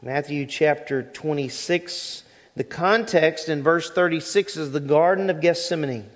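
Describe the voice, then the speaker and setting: Middle-aged guy preaching, kinda high voice, asks the crowd questions, long church reverb. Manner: conversational preaching, asks the congregation questions, slows down on key phrases. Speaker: pastor. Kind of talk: sermon. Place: church sanctuary.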